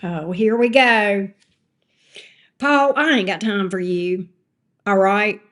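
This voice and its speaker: Slow-paced and a bit bright in her mid-range voice, an older woman hosts a casual live tarot stream. She's talkative, blunt and sassy, greeting chat viewers by name.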